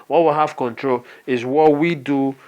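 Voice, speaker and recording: A man's voice: medium pitch, steady tone, a little slow, a little mellow, clear, resonant tone, lo-fi sound. A man with a Nigerian accent giving a motivational business training talk, earnest and often checking in with "okay?". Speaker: network marketing trainer.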